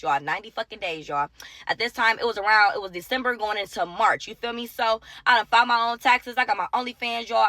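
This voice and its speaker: Fast, bright-voiced young woman telling a storytime. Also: a little high, dry recording. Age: young adult. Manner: profane, blunt, fast-talking. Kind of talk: casual storytime monologue.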